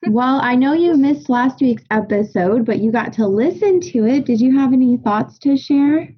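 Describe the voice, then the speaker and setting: A woman's voice: high voice, normal speed, breathy edge, muffled recording. A woman co-hosting a podcast, chatting casually in a friendly, encouraging way. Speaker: podcast co-host. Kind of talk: casual chat.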